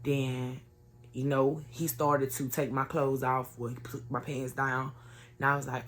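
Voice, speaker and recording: Low-voiced woman telling her story. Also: a little slow, a little mellow. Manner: earnest, conversational, addresses viewers as y'all. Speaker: vlogger sharing a personal testimony. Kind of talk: emotional personal storytelling to viewers.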